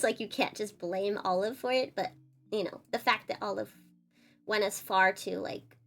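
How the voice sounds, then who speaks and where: A woman's voice: medium pitch, gravelly. A woman streamer telling an upsetting personal story in a casual, earnest way. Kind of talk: casual storytelling while drawing.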